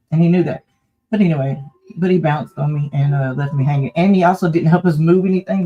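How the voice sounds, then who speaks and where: A woman's voice: low voice, warm tone, poor audio. Chatty woman, rambling. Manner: chatty, rambling, frank with mild cussing. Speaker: livestream host. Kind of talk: casual livestream chat.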